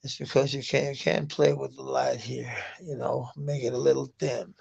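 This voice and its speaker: A man's voice: mid-range voice, level tone, moderate pace, creaky, a little mellow. A man, rambling in a casual live chat with viewers, swearing often and laughing at comments. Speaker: livestreamer. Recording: muffled lo-fi stream audio.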